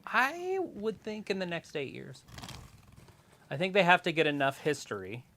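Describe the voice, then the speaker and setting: A man's voice: high voice, huge pitch swings, moderate pace, pushed and bright, a little hiss or hum. A man co-hosting a casual live watch-along stream, making offhand, opinionated and teasing remarks. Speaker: stream co-host.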